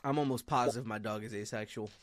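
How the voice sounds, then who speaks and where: A man co-hosting a podcast in casual chat, with a Baltimore accent, swearing freely and breaking into high excited yelps when he retells a story. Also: fast, a crowd in the background. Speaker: podcast co-host.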